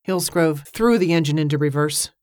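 Woman reading a story, low and dry. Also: moderate pace, a little mellow, dry recording. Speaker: narrator. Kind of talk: audiobook narration.

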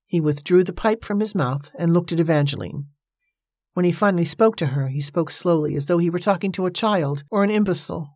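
A narrator reading a historical novel aloud in a measured, even way. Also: mid-range voice, breathy edge, dry recording, clean studio sound. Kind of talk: audiobook narration.

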